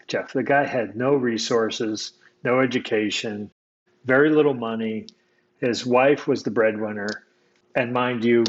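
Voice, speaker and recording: In a relaxed conversation, a guest from the United States reflects on a personal story, frequently starting his sentences over. He speaks at medium pitch, and the audio is dull.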